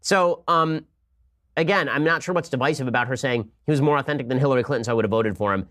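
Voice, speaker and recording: A man hosting a political commentary show, arguing in a sarcastic, rapid-fire way. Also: medium pitch, a bit bright. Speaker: podcast host.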